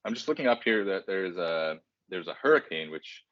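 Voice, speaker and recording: A man with a very low voice co-hosts a casual podcast. He rambles, filling gaps with ums and joking at his own slips. The sound is dry and slightly dull. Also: lively intonation, moderate pace, no echo. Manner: rambling, self-deprecating, casual filler-heavy. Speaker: podcast co-host.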